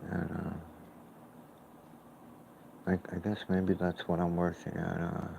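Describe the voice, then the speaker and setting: Gravelly low-voiced man ranting profanely. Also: completely flat delivery, slow, mellow, highs cut off, a little hiss or hum. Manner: profane, scornful, rambling. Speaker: painter. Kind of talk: casual ranting commentary while watching clips.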